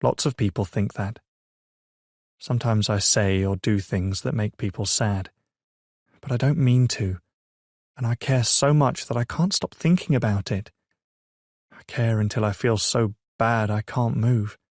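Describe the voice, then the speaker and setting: A man narrating a romance audiobook in first person, measured and emotive, on a close mic. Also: on the low side, a little mellow, no room sound.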